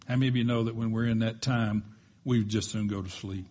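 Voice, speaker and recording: A man's voice: lowish voice, steady tone, brisk, warm tone, slightly rough. A man preaching a sermon in a church, emphatic and building to strong peaks, with joking asides to the congregation. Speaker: pastor.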